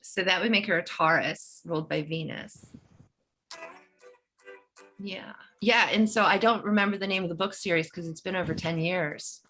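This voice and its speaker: A woman talks in an easygoing, enthusiastic chat, her thoughts rambling as she goes. Her voice sits a little low. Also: normal speed, sharp tone, faint music behind, poor audio. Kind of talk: casual chat.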